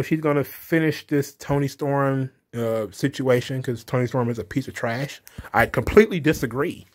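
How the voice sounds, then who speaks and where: Blunt, excitable man recapping a show. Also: medium pitch. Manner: blunt and excitable, swears, many fillers. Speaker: wrestling show reviewer. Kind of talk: casual recap commentary.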